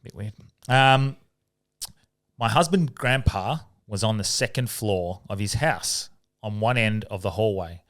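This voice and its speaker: A man co-hosting a casual podcast, reading listener stories aloud in an easygoing, sweary way. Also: measured pace. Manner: laid-back, sweary, reads stories in a low even tone. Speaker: podcast co-host.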